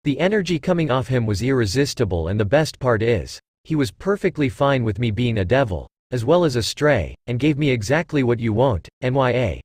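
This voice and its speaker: A teasing, purring female cat-demon from a storybook reading, lively in her lilt as a man reads her lines. She speaks in a dry, close sound. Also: mid-range voice, fairly quick, few pauses, no room sound. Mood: playful.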